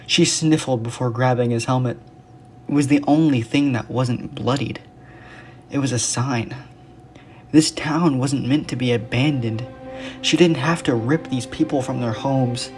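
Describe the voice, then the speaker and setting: An earnest storyteller reads a dark fantasy tale. The delivery is even and steady. Soft music plays under the voice. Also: mid-range voice, unhurried. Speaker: narrator. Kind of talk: storytelling narration.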